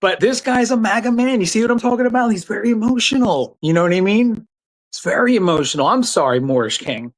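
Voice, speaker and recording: A man's voice: high-pitched, lively intonation, quick pace, low-quality recording. A man giving sarcastic, profane political commentary on a live stream.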